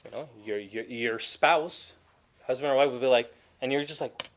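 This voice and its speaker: A man teaching a Quran class in a conversational way, telling stories with animated quoted voices and reciting Arabic verses quickly. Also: medium pitch. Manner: animated storytelling, acting out quoted spouses.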